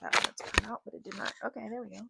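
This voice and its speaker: A woman tarot reader reading a channeled spiritual message from her notes in a halting way, laughing at her own stumbles. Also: mid-range voice, steady tone, vocal fry, very noisy.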